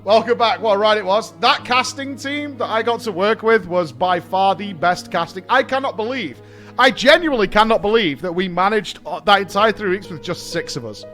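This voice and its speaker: A man with a hoarse voice chatting excitedly with his stream audience, swearing freely and repeating himself as he reads chat. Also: high-pitched. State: hoarse from shouting. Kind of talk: casual chat with a live audience.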